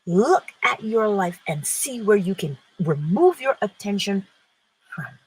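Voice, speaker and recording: Husky, lively-voiced woman giving inspirational talk. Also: medium pitch, unhurried, rough recording. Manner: emphatic, asks rhetorical questions and answers them. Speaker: host.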